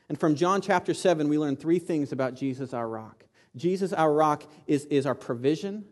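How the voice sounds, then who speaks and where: A pastor preaching a sermon, often repeating and restarting words, building to loud peaks. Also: male voice, a little high.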